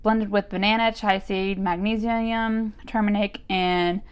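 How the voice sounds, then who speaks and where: A woman's voice: medium pitch, steady tone, measured pace, clear, resonant tone. A young woman chatting casually through a beauty box unboxing, full of fillers and a little out of breath. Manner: chatty, with many fillers like "like" and "you guys". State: a bit out of breath. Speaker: beauty vlogger.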